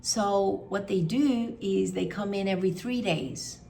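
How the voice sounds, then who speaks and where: A woman's voice: mid-range voice, a little slow, vocal fry, mellow, slight background noise. A middle-aged woman chatting casually and frankly, rambling with many fillers. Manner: frank, opinionated. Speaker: vlogger. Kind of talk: casual review chat.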